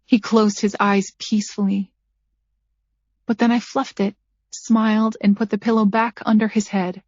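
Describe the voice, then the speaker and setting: A woman narrating a first-person thriller audiobook at a measured pace, her character's lines dryly sarcastic. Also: medium pitch, flat delivery, a little mellow, dry recording. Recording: dull lo-fi dry recording.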